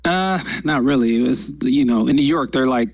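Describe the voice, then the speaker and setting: Gravelly laid-back male guest. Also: medium pitch, moderate pace, no room sound, lo-fi sound. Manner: laid-back, rambling, hesitant fillers. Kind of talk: casual livestream chat.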